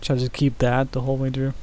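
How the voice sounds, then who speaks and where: A man talks in an even monotone at a middle pitch while he works on an animation. He chats quietly with his stream audience and fills his pauses with "uh" and "like". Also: slight background noise, poor audio. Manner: soft-spoken, mumbling, many fillers. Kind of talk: casual live-stream chat.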